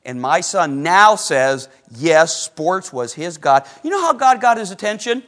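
Middle-aged male pastor with a high voice, animated sermon storyteller, loud to hushed. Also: measured pace. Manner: asks the congregation questions.

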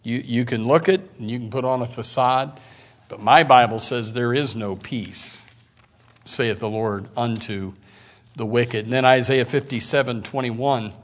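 A man preaching from the pulpit. He slows right down for scripture, then jumps into loud, emphatic bursts before dropping back to a quiet, confiding tone. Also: mid-range voice. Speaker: pastor. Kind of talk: sermon.

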